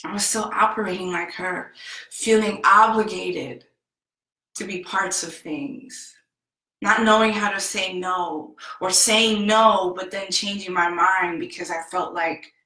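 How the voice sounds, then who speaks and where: A woman vlogger telling a personal story in a slow, heartfelt and emphatic way. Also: medium pitch, fairly even intonation, bright, forceful tone, reverberant, rough recording. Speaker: self-help vlogger.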